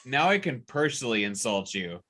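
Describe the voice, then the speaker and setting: A man's voice: mid-range voice, very animated, brisk, background noise. A man running a tabletop game as game master, narrating in a playful, teasing way.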